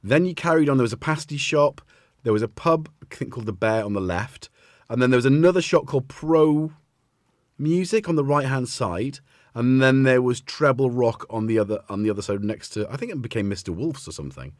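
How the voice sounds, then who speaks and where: A man's voice: medium pitch, animated, brisk, no echo, studio quality. A man hosting a livestream, chatting casually and rambling with frequent laughs. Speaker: livestream host.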